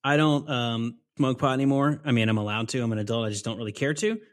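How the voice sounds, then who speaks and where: A man in his thirties co-hosting a movie podcast, talking in a relaxed and reflective way. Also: medium pitch, fast. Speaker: podcast co-host. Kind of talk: casual movie podcast chat.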